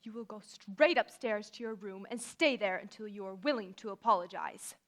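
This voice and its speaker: A woman playing a stern, no-nonsense older farm woman who speaks in a brisk, commanding way, in a live stage musical. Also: medium pitch, natural voice. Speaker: stage actor in a youth musical.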